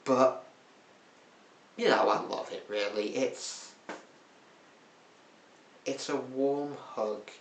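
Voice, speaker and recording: In this casual monthly film roundup, the reviewer speaks very slowly in a mid-range voice with vocal fry, pausing often. He offers wry, self-mocking asides, and the room he records in is echoey.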